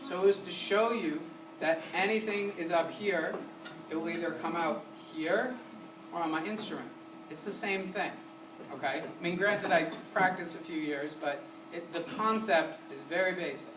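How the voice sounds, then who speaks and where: In a community center room, recorded from afar with a roomy sound and background room noise, a man teaches music. His voice is high-pitched and his pace moderate, and he energetically keeps quizzing the class while singing short syllables as demonstrations.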